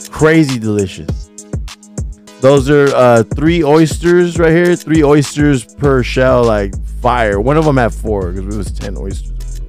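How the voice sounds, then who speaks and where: Give me a young man vlogging about a trip, loose and excitable, with faint music behind him. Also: medium pitch. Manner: slangy and excitable, whoops loudly; swears casually, many fillers. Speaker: vlogger describing a food trip. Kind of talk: casual chat over photos. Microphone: studio mic.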